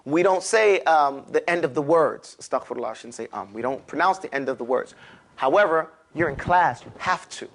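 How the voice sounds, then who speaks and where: Lively New York man teaching a class. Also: a little high, fairly quick, vocal fry. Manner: lively, animated, pushes students to repeat. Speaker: Arabic teacher. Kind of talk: classroom lecture.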